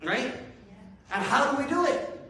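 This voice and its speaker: High-voiced man preaching casually. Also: expressive, a little slow, vocal fry, bright, forceful tone, a little hiss or hum. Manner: casual, self-deprecating, chuckling asides. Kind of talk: conversational sermon. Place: church hall with a congregation. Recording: echoey hall from far off.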